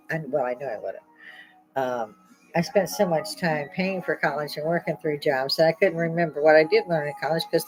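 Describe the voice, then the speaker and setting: An older woman hosting a podcast, talking in a rambling, opinionated monologue, salty and quick to laugh at her own jokes. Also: deep voice, low-quality recording. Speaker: podcast host.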